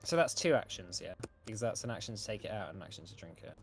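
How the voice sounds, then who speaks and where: A young man, the game master, casually running a tabletop game with hesitant pauses. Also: on the low side, creaky, slight background noise. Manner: relaxed, hesitant, many filler sounds.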